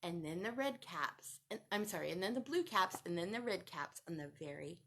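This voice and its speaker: A woman reading a picture book aloud to children, animated and sing-song, stopping to ask them questions. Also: fairly low pitch, brisk, a little hiss or hum. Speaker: children's storytime reader.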